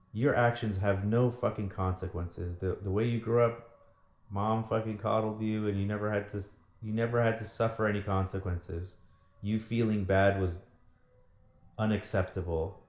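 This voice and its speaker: Bitter low-voiced man ranting. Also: darkish tone. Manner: bitter, profane, repeats himself. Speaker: vlogger. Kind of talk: angry personal rant. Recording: echoey room.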